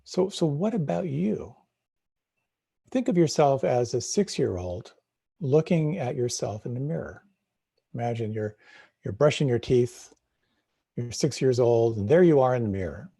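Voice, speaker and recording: A middle-aged man leads a live meditation talk in a reflective, questioning way, often restarting and repeating words. His voice is husky and mellow, with a gravelly edge. The sound is dry and close. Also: medium pitch, expressive, unhurried, long pauses, no room sound. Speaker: meditation teacher.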